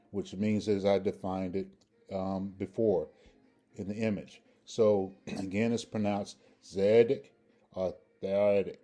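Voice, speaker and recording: A man's voice: lowish voice, mellow. A man teaching a recorded grammar lesson, patiently repeating pronunciations and checking in with "okay?" as he goes. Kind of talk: instructional video lesson.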